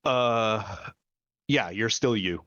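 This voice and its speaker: A man with a low voice narrates a tabletop game as its dungeon master, piecing his descriptions together with fillers and restarts. The sound is dry and dull, with little room in it. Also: drawn-out words, a bit bright, no room sound.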